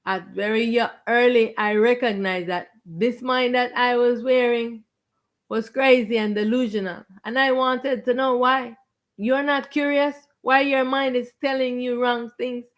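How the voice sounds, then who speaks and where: A woman spiritual teacher preaches to her stream audience in a raised, fairly high voice. She is confrontational and insistent, hammering points through repetition and slowing down to stretch the key words. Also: steady tone. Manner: emphatic and confrontational, stretching stressed words and repeating phrases. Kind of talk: preaching to viewers on a live stream.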